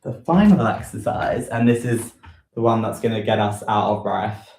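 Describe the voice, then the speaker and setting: A man's voice: fairly low pitch, expressive, moderate pace, darkish tone, reverberant, rough recording. A man leading a home workout in casual talk, thinking aloud with many ums and self-corrections, a bit out of breath. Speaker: fitness vlogger leading a live workout. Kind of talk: casual live workout instruction. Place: room at home.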